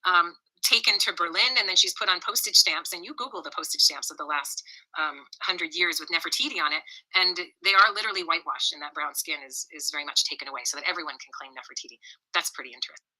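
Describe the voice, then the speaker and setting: A woman explaining in a measured, lecture-like way, with frequent ums. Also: lowish voice, bright, forceful tone, low-quality recording. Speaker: scholar in a played clip.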